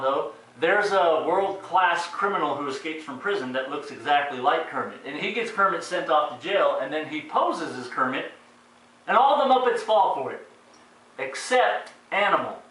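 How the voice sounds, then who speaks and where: Sarcastic high-voiced man ranting, echoey room. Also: sharp tone. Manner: sarcastic, profane, exasperated. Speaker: retro movie reviewer. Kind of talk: casual ranting review. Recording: very echoey room, distant mic.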